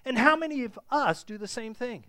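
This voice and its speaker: Speaking at a medium pitch with no echo present, a preacher animates his sermon like a story, shifting between loud bursts and soft asides amid pauses and filler words.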